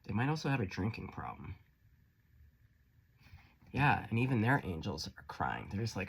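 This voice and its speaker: A man reads tarot cards in a casual, chatty way, swinging between blunt curses and warm encouragement. His voice moves a lot in pitch and carries a gravelly edge. A faint hiss sits under the recording. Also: sing-song, moderate pace, pauses often. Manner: blunt, profane, playful and encouraging. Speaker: tarot reader. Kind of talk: casual tarot reading to camera.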